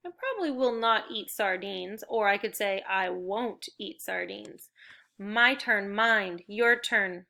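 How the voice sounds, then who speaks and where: A woman teaching a recorded phonics and spelling lesson to young children, speaking slowly and clearly with encouragement. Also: mid-range voice, animated, bright, forceful tone.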